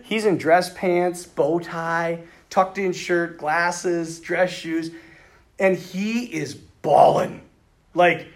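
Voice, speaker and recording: Laughing priest telling stories to men. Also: male voice, on the high side. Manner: laughing, animated storytelling with quoted dialogue. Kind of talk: storytelling talk to a men's retreat.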